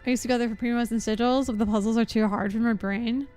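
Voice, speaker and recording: A woman's voice: on the high side, fairly even intonation, fast, a little mellow, soft background music. A woman streamer chatting casually over gameplay, giggly and rambling with lots of fillers. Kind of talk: casual live-stream chat.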